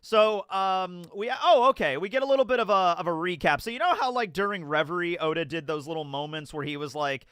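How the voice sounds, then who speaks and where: A man in his thirties giving a rambling, casual review of a manga chapter. He swears and laughs, and now and then jumps into loud, high outbursts. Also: animated, brisk, few pauses, clear, resonant tone, dry recording, clean studio sound. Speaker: anime and manga reaction host.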